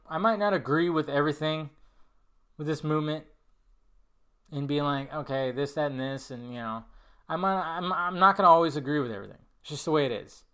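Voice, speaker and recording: A man's voice: fairly high pitch, pushed and bright, clear, resonant tone. A man hosting a casual solo podcast, answering viewer questions in a rambling, blunt way, with casual swearing and trailing mutters. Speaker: podcast host.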